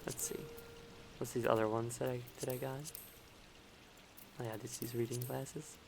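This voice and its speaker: A woman's voice: very deep voice, level tone, normal speed, creaky, noisy background. A young woman streamer giving casual commentary as she plays, chatty and muttering little asides, often repeating words.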